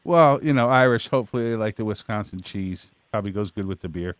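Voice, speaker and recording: A man hosting a casual comedy talk show, brash and quick to agree with his guest. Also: fairly low pitch, smooth, no echo. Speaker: podcast host.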